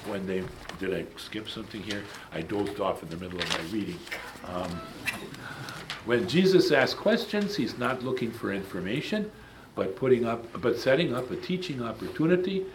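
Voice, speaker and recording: A man's voice: fairly low pitch, slight background noise. A man teaching a Bible study lecture, emphatic and digressive, breaking off for asides and restarts.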